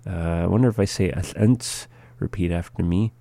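A man teaching a language lesson, saying each word and then repeating it slowly and patiently for practice. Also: deep voice, gravelly, dark tone, no echo. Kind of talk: slow spoken language lesson.

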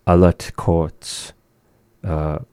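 A man teaching a language in a relaxed conversation, modeling words slowly and patiently. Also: deep voice, smooth, dry recording.

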